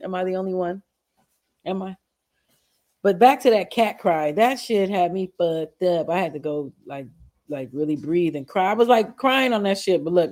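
A woman's voice: mid-range voice, a little mellow. A woman giving reaction commentary in an outraged, profane, emphatic way.

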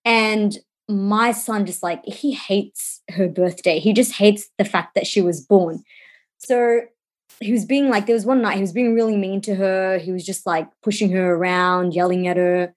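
A woman's voice: medium pitch, moderate pace. Chatty woman telling stories. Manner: animated storytelling, swears casually. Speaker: podcast co-host. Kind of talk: casual chat.

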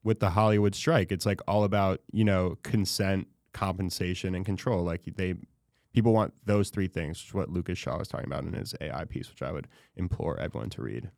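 A man's voice: deep voice, fairly quick, gravelly, a little mellow, no room sound, clean studio sound. A man hosting a podcast in casual chat, talkative, with wry, self-aware asides. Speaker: podcast host.

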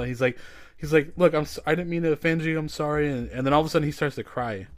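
A man's voice: fairly high pitch, fast talker, a bit bright, dry recording. Casual male podcast host, rambling storyteller, swears freely, dry close sound.

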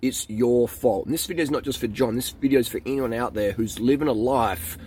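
A man's voice: mid-range voice, brisk, a little mellow, breathy edge. Blunt, emphatic young man giving advice. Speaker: vlogger giving life advice. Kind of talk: motivational advice monologue.

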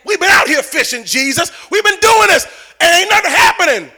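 A man playing a rough, frustrated fisherman who loudly protests that he has worked all night. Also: very high voice, fairly quick, full character voice. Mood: exasperated. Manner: exasperated, loud protesting.

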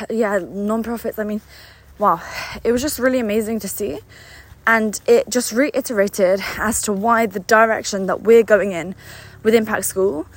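A young woman business coach giving an unscripted motivational talk, enthusiastic, a little out of breath, repeating words for emphasis. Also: a little high. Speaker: business coach and company founder.

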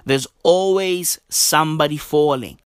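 A young man ranting casually to camera in slangy, profane, exasperated commentary. He drops into low mutters and then jumps up high for emphasis. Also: unhurried, clear, resonant tone, no echo, studio quality. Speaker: vlogger.

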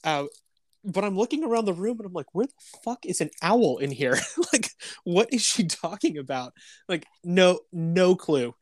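A man in his thirties co-hosts a podcast, telling animated stories in casual conversation. His voice sits high at a normal speed, and he swears often and laughs between lines.

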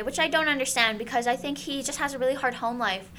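Woman guest, bright slightly high voice, soft subdued storytelling. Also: quick pace, a little hiss or hum. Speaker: guest telling her story. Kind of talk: casual conversation.

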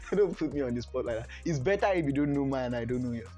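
A man's voice: medium pitch, racing, warm tone, soft background music. A man hosting a casual podcast chat, laughing often and teasing his guest. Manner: giggly, apologetic, teasing. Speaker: podcast host.

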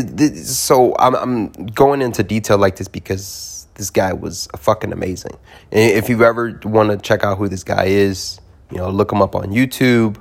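Gravelly low-voiced man telling rambling stories. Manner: rambling, profane, laughs while telling stories. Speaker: podcast host. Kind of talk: casual storytelling.

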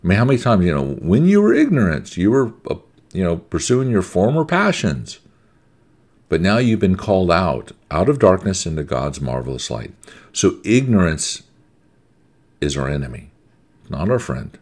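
A man's voice: low-pitched, big pitch swings, normal speed, a little mellow. A middle-aged American man preaching a sermon, conversational and emphatic, repeating key words for stress.

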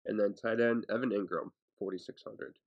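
A man's voice: lowish voice, steady tone, a little fast, highs cut off. A man going through fantasy football picks on a podcast, hesitant with frequent ums. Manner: hesitant, lots of ums and uhs. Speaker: podcast co-host.

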